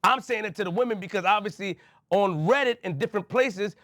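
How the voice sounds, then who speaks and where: A man's voice: sits high, fairly quick, a bit bright, no echo, clean studio sound. A man from Queens, a podcast host speaking to camera, emphatic and repetitive as he addresses someone directly. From Queens, New York.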